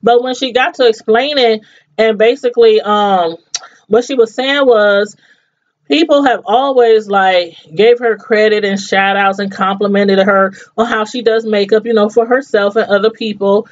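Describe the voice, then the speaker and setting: A woman's voice: mid-range voice, fairly even intonation, moderate pace, highs cut off. A woman reviewing a TV show in casual chat, laughing often and acting out what people said. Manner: chatty, laughs often, acts out quotes.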